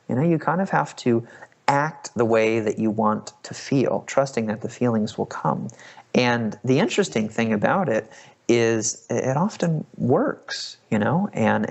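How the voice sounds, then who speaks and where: A man's voice: mid-range voice, creaky. A man in his thirties, a podcast host, telling a personal story in a conversational way with many fillers and restarts.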